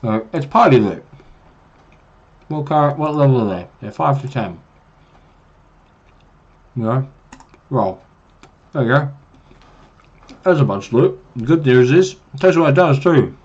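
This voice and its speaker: A man's voice: mid-range voice, lively intonation, measured pace, long pauses, a little mellow, husky. A man casually giving tips to new game masters on a livestream, rambling and chatty with many fillers. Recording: dull lo-fi stream mic.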